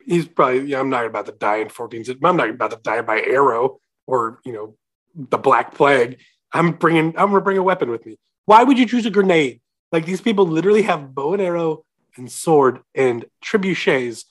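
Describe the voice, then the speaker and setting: A young man co-hosting a casual chat about a film, animated and laughing, quoting characters in his own voice. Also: a little high, a little fast.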